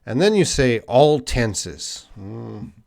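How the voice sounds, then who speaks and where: A man's voice: mid-range voice, sing-song, slow, gravelly, a little mellow, a little hiss or hum. A middle-aged man with a Canadian accent, an English teacher answering viewers' chat questions on a live stream, patient and thinking aloud with ums and hmms.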